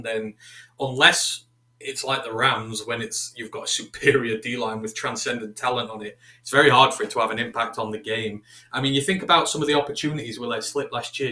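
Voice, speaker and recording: A man co-hosts a casual sports chat and gives long, analytical answers. His voice has a mid pitch and a bright, forceful edge. It rings out in an echoey room. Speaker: co-host.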